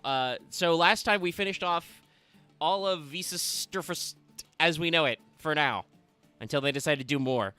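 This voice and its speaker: Bright-voiced playful man on stream. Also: medium pitch, clean tone. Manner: playful, rambling, explains in detail. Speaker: co-host of a card game stream. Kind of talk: casual stream chat with a joking pirate voice.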